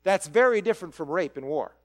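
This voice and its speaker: A man preaching a conversational sermon, animated and full of rhetorical questions. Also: on the high side. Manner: animated, asks rhetorical questions, acts out quick quoted voices.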